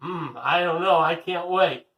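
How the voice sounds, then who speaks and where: A teacher reading a chapter book aloud to children, upbeat and encouraging, recorded from a distant mic. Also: male voice, fairly high pitch, unhurried, highs cut off. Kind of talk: read-aloud storytelling.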